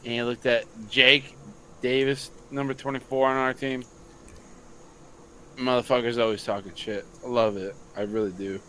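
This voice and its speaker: A young man, a high school football coach, telling a long story on a casual late-night podcast, swearing freely and acting out what others said. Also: normal speed, a little hiss or hum. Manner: profane, animated storytelling.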